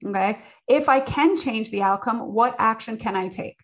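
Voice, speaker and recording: A woman's voice: a little high, normal speed. A woman in her forties, a business owner, giving personal advice in an earnest, conversational way. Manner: earnest, conversational, with many filler "like"s.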